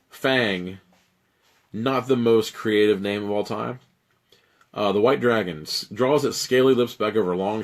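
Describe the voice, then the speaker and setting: A man running a live-streamed adventure as game master, narrating with lively asides. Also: fairly low pitch.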